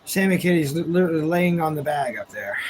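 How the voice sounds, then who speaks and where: Laid-back high-voiced streamer guy. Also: slight background noise, poor audio. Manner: laid-back, chatty, laughs often, drawls greetings. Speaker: livestream host. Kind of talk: casual chat with live viewers.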